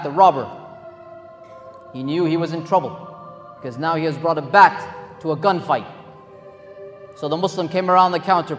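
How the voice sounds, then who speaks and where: A man preaching, retelling a story in an earnest, emphatic sermon. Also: a little high. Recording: long hall reverb, faint music.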